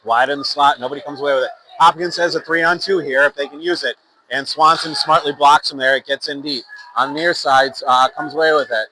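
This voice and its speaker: A man's voice: fairly high pitch, steady tone, fairly quick, pushed and bright, a little hiss or hum, poor audio. A man calling youth hockey play-by-play in a casual, rambling way, with fillers, self-corrections and sponsor plugs. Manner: reads sponsor plugs between plays. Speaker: play-by-play announcer. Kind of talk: amateur youth hockey commentary.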